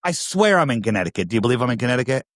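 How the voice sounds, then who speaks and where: A man's voice: mid-range voice, very animated, racing, no echo, clean studio sound. Emphatic man with a New York accent. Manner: emphatic, repeats phrases, asks rhetorical questions. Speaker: podcast guest. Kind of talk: casual interview talk.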